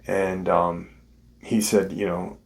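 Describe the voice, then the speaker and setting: Male host, low voice, unhurried, off-the-cuff storytelling full of ums and restarts. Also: level tone, vocal fry. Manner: unscripted, many ums and restarts. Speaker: host of a paranormal encounter channel. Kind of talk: casual spoken retelling of a listener's story.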